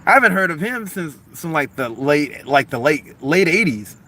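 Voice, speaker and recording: A man with a mixed Long Beach, Los Angeles accent, chatting casually on a live stream, reading comments aloud in a rambling, animated way full of "like" and "man.". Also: fairly high pitch, moderate pace. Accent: Long Beach, Los Angeles mix. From Los Angeles harbor area, USA.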